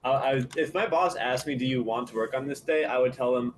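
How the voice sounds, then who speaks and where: A man bantering casually on a podcast, dropping "like" and "dude" as he goes. His pitch is average for a man, and a faint background noise sits under his voice. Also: brisk. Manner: easygoing banter, slangy with frequent 'like' and 'dude'. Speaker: podcast co-host. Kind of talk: casual chat.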